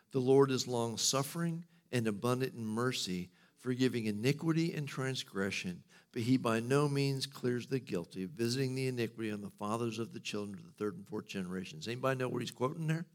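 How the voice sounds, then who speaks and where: A middle-aged male pastor preaching a sermon in a casual, humorous storytelling manner. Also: mid-range voice.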